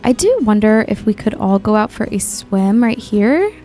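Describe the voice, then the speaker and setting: A woman gaming YouTuber with a medium-pitched, dark, sing-song voice gives chatty, gushing commentary at a moderate pace while playing a life-sim game. She exclaims often over what she sees, with soft music in the background.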